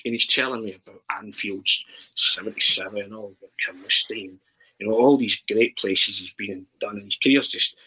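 A man, a podcast guest, telling animated anecdotes and often checking in with "right?". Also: mid-range voice, slightly rough, rough recording. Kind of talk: anecdotal storytelling.

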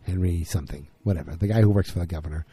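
A man's voice: low-pitched, racing, dark tone, slightly rough, faint music behind. A man casually recapping a TV episode in a rambling, conversational way, acting out the characters' lines.

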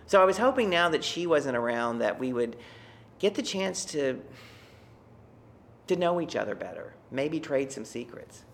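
Brief: fifties man from Texas, live personal storytelling, conversational and wry, slightly high voice with a very animated pitch. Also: moderate pace, gravelly, a little hiss or hum. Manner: reflective, conversational, wry asides.

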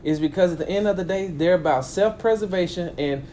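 A man with a slightly raised voice hosts a casual political talk. He is animated and acts out the people he quotes, often stumbling and restarting mid-sentence. A faint hiss sits under the recording. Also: high voice, brisk. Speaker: talk show host.

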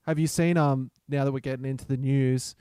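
Mellow man trading deadpan quips. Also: mid-range voice, brisk, clear, resonant tone, no room sound. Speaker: podcast co-host. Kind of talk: crude casual banter. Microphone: remote call mic.

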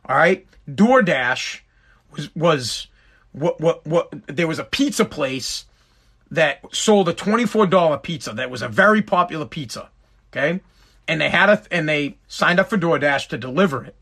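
High-voiced man ranting bluntly. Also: lively intonation, normal speed, a bit bright, breathy edge. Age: adult with a school-age son. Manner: profane, blunt, repeats and restarts words while ranting. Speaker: vlogger and father. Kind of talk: casual ranting monologue to viewers.

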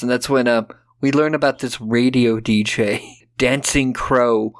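On a podcast he co-hosts, this man gives an offhand, sarcastic film recap and performs lines in silly voices. His voice is medium-pitched and steady in tone, and he doesn't hurry.

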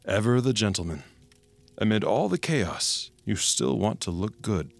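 An actor playing a police detective who questions a suspect with pointed, insinuating questions and dry irony in a true-crime reenactment. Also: male voice, lowish voice, sing-song, measured pace, creaky, dry recording, faint music behind, exaggerated voice. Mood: ironic.

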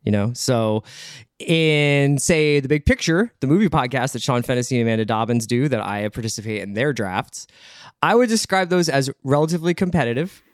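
A man on a podcast walks through an idea in a relaxed, explanatory manner. His voice sits at an ordinary middle pitch, and the recording is dry and close with no room sound. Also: fairly quick, no echo. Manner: explanatory, easygoing, trailing off softly. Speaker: podcast guest. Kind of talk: casual chat.

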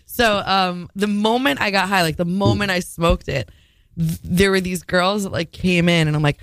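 A woman's voice: fairly low pitch, normal speed, no echo. A woman telling a rambling, self-mocking story in casual radio chat.

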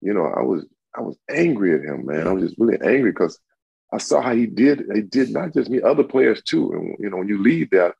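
A man in his sixties, a guest on an interview show, telling stories in a lively way and acting out what others said. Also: brisk, gravelly, breathy edge, dry recording, highs cut off. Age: 60s. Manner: animated storyteller, acts out quotes in a high voice. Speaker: guest, retired football player. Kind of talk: casual interview.

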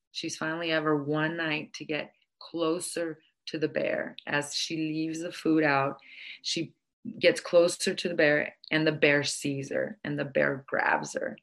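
A woman's voice: deep voice, a bit bright. A woman telling a folk tale aloud and drawing an earnest, reflective lesson from it. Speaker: storyteller. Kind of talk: oral storytelling with a moral lesson.

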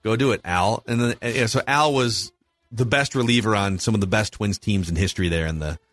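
Speaking a little fast in a lowish, slightly bright voice, this podcast host is a man in his forties with a Minnesota accent. He enthusiastically lists rankings on his casual sports show, recorded without echo over faint background music.

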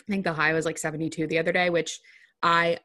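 A young woman with a Southern US accent, co-hosting a podcast in casual chat from her bedroom, playful and quick to laugh. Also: deep voice, flat delivery, sharp tone, dry recording, clean studio sound. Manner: laughs often, playful and chatty. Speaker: podcast co-host.

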